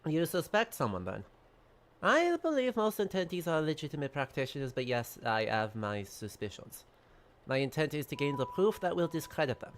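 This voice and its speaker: A courteous French investigator, as a gamer puts him on in an over-the-top fake French accent. The voice sits a little high and is played for fun. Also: male voice, very animated, a little hiss or hum. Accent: exaggerated fake French. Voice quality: deliberately hammy. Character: polite male French investigator.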